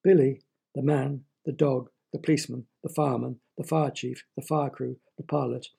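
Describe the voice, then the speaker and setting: A man's voice: mid-range voice, fairly even intonation, moderate pace, gravelly, dark tone, husky. A man telling a children's story, playful and asking the young listeners questions.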